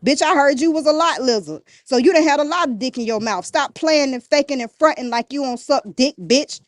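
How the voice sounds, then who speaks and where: A woman's voice: high-pitched, a little fast, no echo, clean studio sound. A woman guest on a podcast, ranting bluntly and defiantly, cursing and throwing insults nonstop. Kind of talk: heated rant in an interview.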